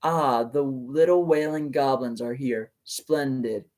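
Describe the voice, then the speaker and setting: A man voicing a large, cruel male monster who talks in an unnervingly charismatic, smooth way. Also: mid-range voice, slow, a little mellow, natural voice. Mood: gloating. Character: smooth-talking cruel male Bergen monster, huge and sinister.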